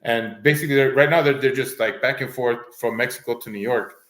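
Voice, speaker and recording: A man's voice: medium pitch, fairly quick, fairly bright tone. A man whose first language is Spanish, chatting casually as a podcast co-host, rambling with many restarts and acting out voices. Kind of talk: casual chat. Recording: roomy echo.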